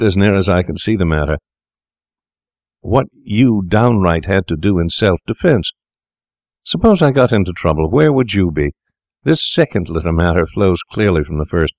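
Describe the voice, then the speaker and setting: A man voicing a calculating young doctor in a story, talking in a smooth, matter-of-fact, coaxing way. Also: low voice, expressive, moderate pace, a little mellow, no room sound, studio quality. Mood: smoothly persuasive. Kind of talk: audiobook character voice.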